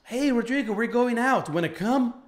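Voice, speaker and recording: A man's voice: very high-pitched, animated, moderate pace, voice pushed up. A man playing a friendly young American who eagerly fires off questions. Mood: curious.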